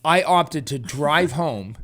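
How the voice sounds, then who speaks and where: A man in his thirties with a fairly high voice takes his time telling a family story on the podcast he co-hosts. He's casual and animated, laughing often and acting out what people said.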